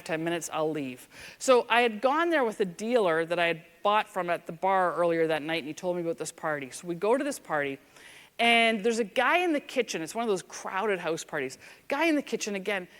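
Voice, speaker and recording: A woman, a former police officer, giving a conference keynote in an animated, conversational storytelling manner on a stage microphone. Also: medium pitch. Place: large conference hall stage. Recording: reverberant large hall.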